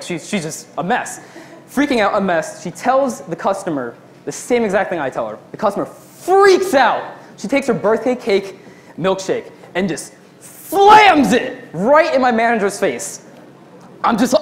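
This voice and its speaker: A man's voice: high-pitched, slight background noise. A young man performing a stand-up comedy routine, telling a long workplace story and acting out the people in it. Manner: storytelling, acts out quotes in his own voice.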